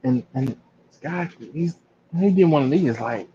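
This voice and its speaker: A man's voice: lively intonation, measured pace, warm tone, slight background noise. Chatty man telling stories. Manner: storytelling, acts out other people with big jumps in pitch. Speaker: barbecue channel host. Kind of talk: casual live-stream chat. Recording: slightly dull lo-fi live stream.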